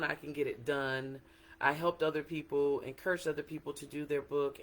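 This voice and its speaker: A middle-aged woman author in a casual livestream talk, excited and chatty, greeting viewers by name. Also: deep voice. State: a little emotional.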